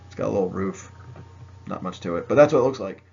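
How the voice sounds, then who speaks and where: A man's voice: sits low, animated, quick pace, creaky, darkish tone, lo-fi sound. A man teaching a history lesson by video, chatty and joking, speaking straight to his students. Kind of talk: recorded video lecture.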